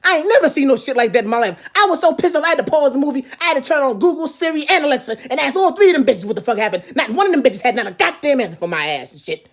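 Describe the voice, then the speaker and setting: A woman comedian doing a loud, profane comedic rant, full of animated asides and quick impressions. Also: high voice. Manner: animated, profane, jumps into mimicry. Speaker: comedian vlogger.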